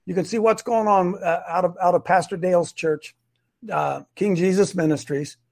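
A man's voice: high voice, steady tone, normal speed, vocal fry, darkish tone. A middle-aged man hosting a live online show, preaching emphatically and repeating his points. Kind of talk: fiery preacher-style live stream talk.

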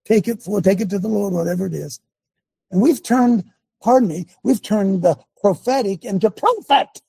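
Folksy preacher-host, high and gravelly, dry close sound, emphatic casual sermonizing. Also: male voice, normal speed, mellow, no echo. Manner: folksy, emphatic, talks to his tech aloud. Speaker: preacher hosting a live show.

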